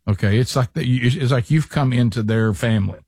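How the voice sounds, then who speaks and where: A man's voice: mid-range voice, fast, darkish tone, breathy edge, no room sound. A middle-aged man hosting a radio show, reading a sponsor spot and telling rambling stories with many restarts. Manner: chatty storyteller, frequent restarts and fillers. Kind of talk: casual talk radio chat and live ad read.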